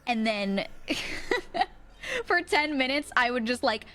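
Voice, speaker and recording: A woman's voice: high-pitched, sing-song, slow pace, sharp tone. Giggly young woman. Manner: chatty and giggly, often laughing. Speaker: streamer. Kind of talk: casual stream chat, reading chat messages.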